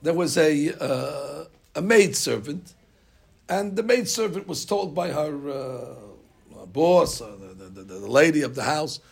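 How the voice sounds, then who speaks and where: A man teaching a religious class to women, telling stories animatedly with many fillers. His voice sits high, with a gravelly, husky grain. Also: animated, slow pace.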